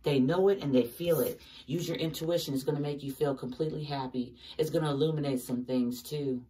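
A woman's voice: low voice, fairly even intonation, fairly quick, dark tone, far from the mic. A woman giving a casual tarot reading, talking emphatically to her viewers and cursing often. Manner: emphatic, swears often, talks straight to viewers. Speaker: tarot reader.

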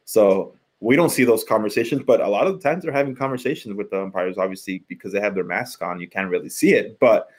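A man in his thirties with a somewhat low voice talks baseball casually on a podcast. He rambles, doubling back on words as he works out his point, like a former pitcher swapping stories. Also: fast, few pauses. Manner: rambling, repeats words while thinking. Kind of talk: casual sports chat.

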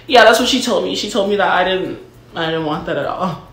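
A woman's voice: on the low side, expressive, a little fast, roomy sound. A young woman telling a comedic story in a ditzy, self-absorbed valley-girl manner, packing her talk with "like" and swearing freely. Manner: self-absorbed, brash and profane.

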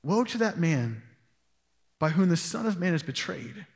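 A man's voice: on the high side, very animated, unhurried, creaky, long reverb tail. A man preaching a sermon as pastor, telling stories in a loose, conversational way. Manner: conversational storytelling with asides. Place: church hall.

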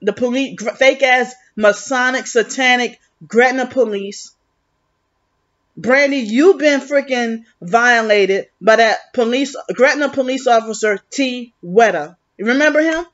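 A woman talks straight to the camera in a rambling, accusatory monologue, stumbling over restarts as she goes. Her voice sits high, and the recording is muffled and lo-fi. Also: measured pace. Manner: agitated, accusatory, with many restarts. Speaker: vlogger.

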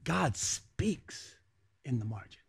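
A young adult male pastor preaching a sermon, swinging between hushed words and shouted peaks. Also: medium pitch, lively intonation, slow pace, gravelly, slightly rough.

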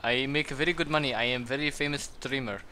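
Guy doing a braggy swedish youtuber bit, choppy broken english, bright voice. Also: medium pitch, fairly even intonation, quick pace, a little hiss or hum, lightly acted. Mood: boastful. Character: mock famous Swedish male YouTuber boasting.

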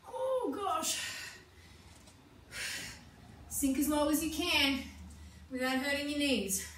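A woman coaching a live workout class, out of breath, with energetic cheering and whooping encouragement. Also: high-pitched, a little hiss or hum. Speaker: fitness instructor. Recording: echoey room, mic at a distance.

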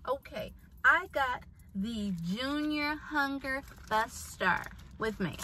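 A woman talks slowly and deliberately as she describes each dish, lingering over her words. Her voice is bright and fairly high for a woman, with a soft hiss behind it from the car she sits in. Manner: slow, drawn-out, savoring commentary. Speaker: mukbang co-host. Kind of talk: casual mukbang chat. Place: parked car at night.

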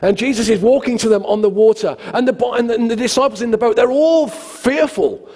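A man preaches a sermon with a fairly high voice, talking the way he would chat and acting out the quotes with life. The sound carries a long reverb from a church hall. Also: brisk. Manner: conversational, animated storytelling with acted quotes. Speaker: pastor.

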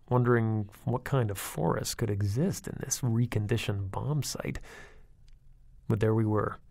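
A man's voice: medium pitch, gravelly, dry recording, clean studio sound. A man narrating a first-person horror story in a wry, conversational storytelling manner. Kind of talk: audiobook reading of a horror story.

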